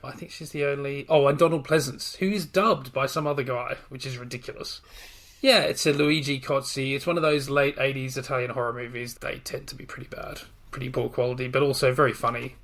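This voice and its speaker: A middle-aged man with a gravelly, creaky voice at an everyday pitch, talking casually on a podcast. He rambles with enthusiasm and keeps correcting himself mid-sentence. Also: fairly even intonation, brisk, fairly bright tone. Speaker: podcast host. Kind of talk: casual chat.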